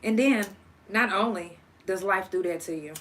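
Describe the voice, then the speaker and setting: A woman's voice: mid-range voice, moderate pace, a little hiss or hum. A young woman hosting a casual solo podcast, cursing freely and talking straight to her listeners. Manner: profane, animated, talks to listeners directly. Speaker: podcast host.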